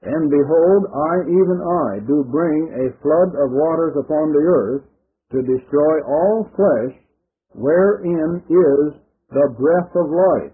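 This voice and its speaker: A man preaching on the radio, reading scripture slowly and deliberately and explaining it to listeners. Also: on the high side, husky. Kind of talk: radio Bible teaching. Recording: tinny phone-like old radio broadcast.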